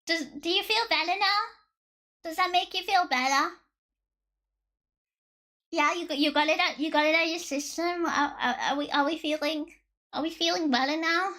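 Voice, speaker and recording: A woman's voice: very high voice, moderate pace, long pauses, sharp tone. A woman streamer chatting with live viewers, joking, sarcastic and swearing freely, her voice slightly worn. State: voice slightly worn from past strain. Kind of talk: casual chat with live viewers.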